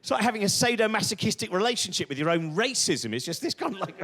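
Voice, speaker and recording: High-voiced ranting male comedian. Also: big pitch swings, fast talker, a bit bright. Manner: ranting, sweary, exasperated. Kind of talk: stand-up comedy. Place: comedy venue on stage.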